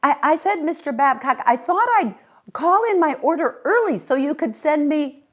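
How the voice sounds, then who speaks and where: A woman's voice: a little high, sing-song, moderate pace, pitched above the performer's own voice. A woman reading aloud, voicing a fretful older woman in a plaintive, pleading tone. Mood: anxious, pleading. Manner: plaintive, pleading, rising to a near shout. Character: fretful older city woman, summer resident.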